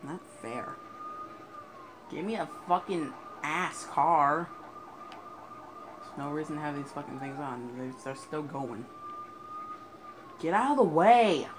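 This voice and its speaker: A man's voice: a little high, wildly swooping pitch, takes it slowly, pauses often. A man playing through a video game and commenting, often frustrated and swearing at it. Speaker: gamer. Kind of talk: let's play commentary. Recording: noisy game audio with sirens. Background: police sirens and game sounds.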